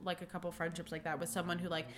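A woman chatting casually on a podcast, fast and loose, full of "like" and quick laughs. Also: fairly low pitch, flat delivery, very noisy. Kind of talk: casual chat.

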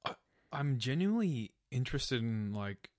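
Low-voiced podcast co-host, dry close mic. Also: very animated, darkish tone, no echo. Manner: quick reactive interjections. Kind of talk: casual podcast chat.

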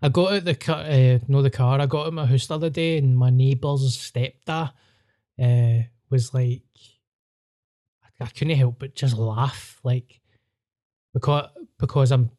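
A man's voice: medium pitch, fairly even intonation, unhurried, mellow. A Glaswegian man and comedian in casual podcast chat, telling stories with lots of swearing and laughter.

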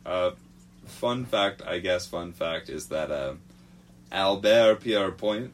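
A man hosting a podcast, narrating a true-crime story in a casual, halting way with lots of fillers and some swearing. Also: low voice, animated. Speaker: podcast host.

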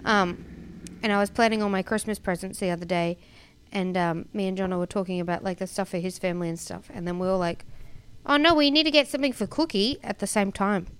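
A woman's voice: lowish voice, flat delivery, fast talker, a little hiss or hum. A woman co-hosting a podcast, chatting casually and rambling through a TV show recap. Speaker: podcast co-host.

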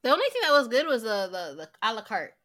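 A woman's voice: on the high side, big pitch swings, fast, a crowd in the background. A woman co-hosting a podcast, telling stories in casual chat and mimicking the people she quotes. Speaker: podcast co-host.

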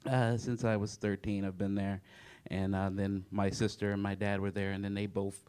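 A man's voice: on the low side, little pitch movement, moderate pace, a little mellow, clear, resonant tone. A man from Chicago, a guest comedian, chatting easily and chuckling between remarks. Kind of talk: casual interview chat.

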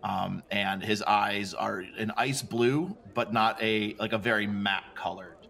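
Low gravelly guy playing a tabletop game, flat calm voice, lots of ums. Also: unhurried. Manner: calm, hesitant, many fillers. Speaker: player.

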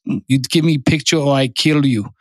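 A man's voice: mid-range voice, moderate pace, dry recording, lightly acted. A man putting on a mock foreign accent to play a huge, pushy German friend. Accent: mock Russian-sounding foreign accent.

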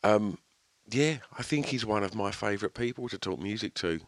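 A podcast host with a somewhat low voice, wrapping up the show in a chirpy, upbeat way. The sound is dry and close, with no room echo at all. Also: male voice, normal speed. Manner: upbeat, chirpy sign-off, frequent short agreement. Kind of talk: casual interview and outro.

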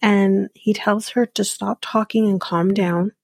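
A woman's voice: mid-range voice, steady tone, unhurried, creaky, a little mellow, no echo. A woman hosting a podcast, casually recapping a reality show in a chatty, opinionated way with frequent ums and asides.

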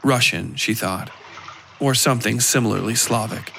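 Guy narrating a spooky story, gravelly voice, faint hiss behind. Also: medium pitch, steady tone, fairly bright tone. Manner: measured, storytelling. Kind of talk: scripted horror story narration.

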